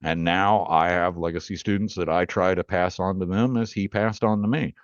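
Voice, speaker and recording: A deep-voiced man recounting his past in a plainspoken, earnest, meandering way. The sound is dry and a bit dull, like lo-fi remote audio. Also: fairly even intonation, moderate pace, no echo. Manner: plainspoken, earnest, rambling storyteller. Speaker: guest, rootworker and author. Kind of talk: storytelling in a podcast interview.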